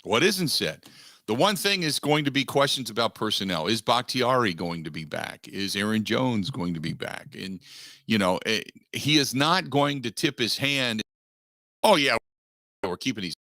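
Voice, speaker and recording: This is a male sports radio host delivering a studio monologue in a bright, forceful voice of medium pitch at a normal speed. The recording is dry and close with no room sound at all. He stays animated throughout, dropping into mocking asides where he quotes other people.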